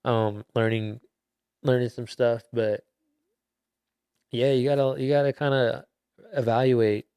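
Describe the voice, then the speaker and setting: A man's voice: medium pitch, flat delivery, unhurried, long pauses, darkish tone, smooth, no echo, clean studio sound. A young man hosting a podcast, casually retelling a Bible story in loose slang with laughs and fillers. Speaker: podcast host.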